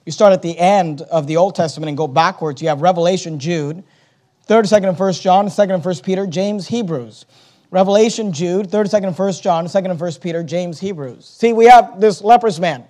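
Male pastor, high voice, sermon delivery, slow emphatic scripture reading, quick asides. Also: darkish tone. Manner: preaching, reading King James scripture aloud with emphasis; slows down to stress key words, rushes asides.

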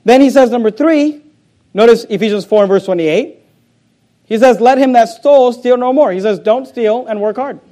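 A man's voice: very high voice, normal speed, mellow. A pastor preaching a sermon, emphatic and repeating words as he drives his points home.

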